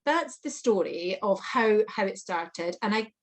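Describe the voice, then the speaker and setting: A woman guest on an interview, recounting a personal experience in an animated manner with frequent laughter. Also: medium pitch, a little slow. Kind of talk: storytelling interview.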